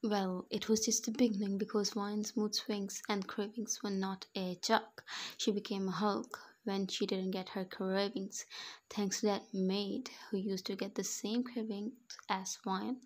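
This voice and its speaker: A woman reads fan fiction aloud in a mid-pitched, nearly monotone voice. Her delivery is even and steady, with the odd stumble over a word. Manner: even, monotone reading with small slips.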